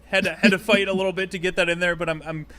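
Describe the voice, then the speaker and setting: A producer chats on a live stream in a slightly high voice, often pausing on "uh" as he finds his words. He is a man speaking casually. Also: little pitch movement, sharp tone. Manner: hesitant, lots of "uh". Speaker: film producer.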